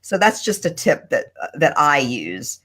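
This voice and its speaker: A woman on a video call at her desk, chatting on a panel and giving tips in a thoughtful, pausing way. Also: sits low, very animated, a bit bright. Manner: thoughtful, deliberate, with pauses. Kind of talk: casual panel chat. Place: home desk.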